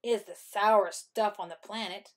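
A man's voice: fairly high pitch, slow pace, sharp tone, slightly rough, exaggerated voice. A woman reading aloud voicing a boastful red-haired older boy who sneers and taunts his little sister. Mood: smug.

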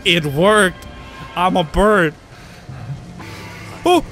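A man's voice: sits high, very animated, measured pace, a bit bright. A young man commenting as he plays a horror game, screaming and swearing at the scares and joking to himself. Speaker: gamer playing a horror game. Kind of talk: let's play commentary. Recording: clear game music underneath. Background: game music and sounds.

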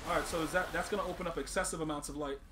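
A man's voice: a little high, steady tone, very fast, background noise. Hyped man doing game commentary. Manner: hyped slang-heavy banter. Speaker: gaming channel host. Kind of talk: casual gameplay commentary.

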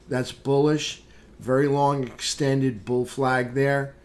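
A man hosting a live trading room, calmly talking through market charts with casual fillers. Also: mid-range voice. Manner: unhurried, plain chart commentary with fillers. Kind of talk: live market recap walkthrough.

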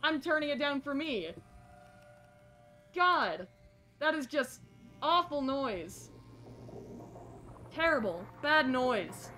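A woman's voice: high voice, animated, measured pace, long pauses, soft background music. Jumpy young woman streaming horror games. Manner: jumpy, shrieks when scared, reads dialogue softly. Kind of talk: live horror game commentary.

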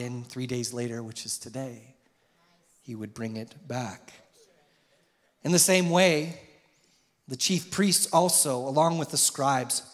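Impassioned pastor in a reverberant church. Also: male voice, fairly bright tone. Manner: impassioned, rises in pitch and volume on questions. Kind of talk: sermon. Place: church sanctuary. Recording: long hall reverb.

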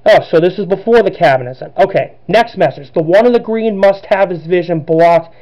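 A man's voice: sits high, a little fast, dark tone, muffled recording. A man giving chatty let's-play commentary, who laughs a lot and apologizes for his own voices. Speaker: gameplay commentator.

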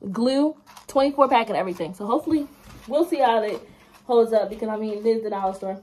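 A woman's voice: on the high side, fast, background noise. Chatty young woman vlogging to her phone. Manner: chatty, talks straight to viewers. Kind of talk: casual vlog chat. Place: car and home.

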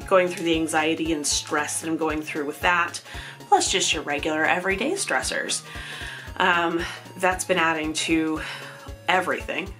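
A woman in her thirties talks in a chatty, candid way, often laughing at herself, and sounds tired. Her voice sits fairly low. Faint music plays underneath. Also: a bit bright. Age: 30s. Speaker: vlogger. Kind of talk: casual personal update.

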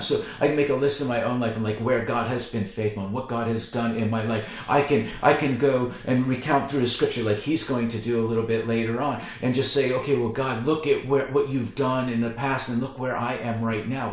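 A man as pastor giving a casual devotional talk, conversational and unhurried, dropping to a hushed tone when he prays. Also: mid-range voice. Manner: relaxed, conversational, with prayerful hushed passages. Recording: very echoey room.

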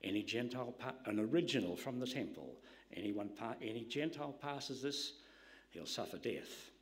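Man preaching with lively rise and fall. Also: medium pitch, normal speed. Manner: emphatic, dropping to hushed whispers for emphasis. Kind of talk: sermon.

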